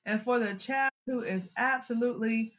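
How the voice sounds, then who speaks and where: A middle-aged woman, a mother sharing parenting advice in a casual chat, telling family stories with lively acted-out moments. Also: a little high, normal speed, rough recording. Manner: animated storyteller, acts out family scenes with laughter. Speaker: podcast guest, mother of the host.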